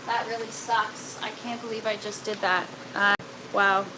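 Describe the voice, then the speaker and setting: Exasperated woman livestreaming, slow and noisy. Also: medium pitch. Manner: groaning, exasperated, talks to viewers. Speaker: gardening livestreamer. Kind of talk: casual live-stream chat. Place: indoor grow tent. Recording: noticeable steady background noise.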